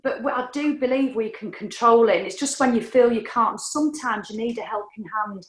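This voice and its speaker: A middle-aged woman, a guest on a podcast, tells her story frankly and chattily, swearing casually. Her voice is on the high side and a little fast, recorded in an echoey room.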